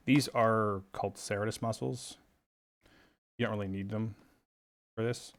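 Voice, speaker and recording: A man's voice: medium pitch, normal speed, pauses often. A man teaching a drawing tutorial in a playful, chummy, jokey way. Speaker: art instructor.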